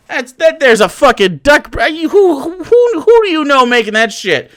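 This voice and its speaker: A male livestreamer with a high, bright voice that swings widely in pitch. He talks in a loose, mocking way, swears freely and laughs often. His tone is clean and crisp. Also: expressive, unhurried. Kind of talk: casual livestream chat.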